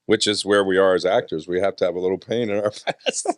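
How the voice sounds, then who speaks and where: A man's voice: low voice, moderate pace, no echo, studio quality. Joking Southern man hosting a podcast. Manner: joking, teasing questions. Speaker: podcast host. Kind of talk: casual interview. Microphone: podcast studio microphone.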